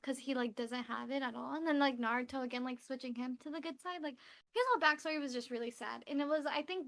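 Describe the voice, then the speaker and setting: High-voiced chatty woman co-host. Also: fairly bright tone. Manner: chatty, acts out quotes in retelling. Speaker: podcast co-host. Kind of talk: casual chat.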